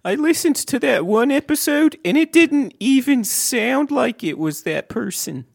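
A man co-hosting an improvised comedy podcast, tossing out offhand deadpan quips. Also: very high-pitched, measured pace, vocal fry. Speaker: podcast co-host.

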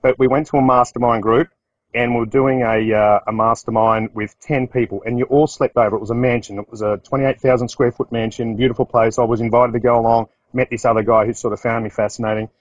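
A man's voice: medium pitch, flat delivery, brisk, dry recording, highs cut off. Australian man telling rambling business anecdotes. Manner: rambling anecdotes with restarts, acts out quotes. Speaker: business owner. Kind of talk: casual storytelling talk.

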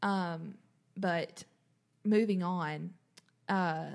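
A woman co-hosting a casual Bible study talk, reading her notes and scripture aloud in an animated way. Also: very slow, vocal fry. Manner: reads notes and scripture aloud, animated, quotes with raised pitch. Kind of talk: casual faith discussion.

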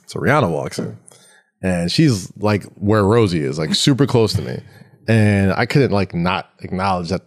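Guy in his 30s cohosting a podcast, lively up and down voice, chatty. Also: normal speed. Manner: animated storyteller, jumps into high voices for quotes. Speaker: podcast co-host. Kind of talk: casual chat.

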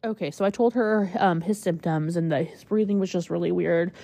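A woman's voice: lowish voice, fairly quick, vocal fry, mellow. A woman hosting a podcast, telling a personal story in a chatty, candid way and using "like" constantly. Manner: chatty, heavy use of "like", emotional and candid. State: choked up at times. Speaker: podcast host.

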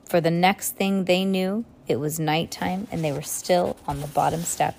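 A woman's voice: fairly low pitch, steady tone, moderate pace, gravelly, a little mellow. A woman reading a novel aloud chapter by chapter, breaking off now and then for casual asides. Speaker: reader.

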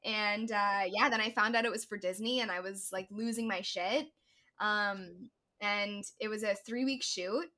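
Bright-voiced woman telling a story. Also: mid-range voice, measured pace. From United States. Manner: animated storyteller, quotes people. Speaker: guest actress. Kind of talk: casual podcast interview.

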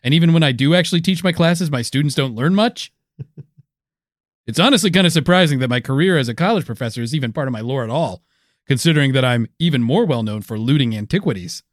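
A man's voice: mid-range voice, animated, fast talker, dry recording, clean studio sound, close to an everyday voice. A man voicing a boastful, roguish male archaeologist and college professor who loots antiquities, talking with brash self-promotion.

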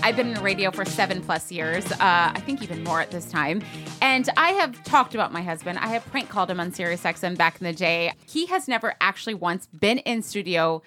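A woman's voice: on the low side, expressive, fairly quick, sharp tone, soft background music. A woman hosting a podcast in a studio, chatty and teasing, with an upbeat manner. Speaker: podcast host. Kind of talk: casual podcast chat.

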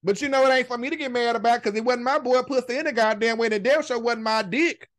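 Talking fast in a rather high voice, a woman hosting a podcast rants emphatically through casual commentary. She swears constantly, elongating the curse words as she goes.

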